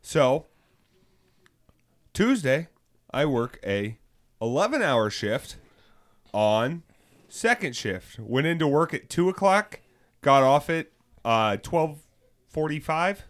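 A man's voice: fairly high pitch, sing-song, slow, long pauses. A man co-hosting a podcast, telling a rambling work story in casual chat. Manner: rambling storytelling with fillers and restarts. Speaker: podcast co-host.

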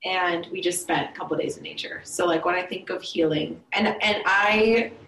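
A woman's voice: lowish voice, normal speed, a bit bright, slight background noise. Reflective woman in a roomy recording. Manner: reflective, thinking aloud with fillers. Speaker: podcast guest. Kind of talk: casual conversation. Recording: roomy, distant mic, faint ambience.

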